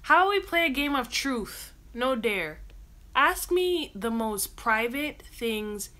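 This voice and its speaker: A woman with a bright, forceful voice that sits a little high, chatting casually on a livestream. She reads out viewer comments and answers them one after another in a loose, rambling way. She is lying down at home and talking into a phone or webcam. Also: very animated, takes it slowly. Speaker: livestream host.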